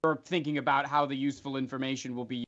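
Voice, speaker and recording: A man narrating as game master of a tabletop game, unhurried storytelling with fillers. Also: mid-range voice, level tone, a bit bright, lo-fi sound.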